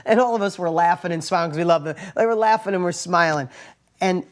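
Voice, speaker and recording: A man speaks in a casual motivational talk, telling stories in simple everyday language. His delivery is animated and emphatic, climbing into excited bursts and then dropping to quiet, confiding asides, with a habit of checking in with "right?". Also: high voice, fast talker. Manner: plain everyday wording, frequent "right?" tags. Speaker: motivational speaker and entrepreneur host.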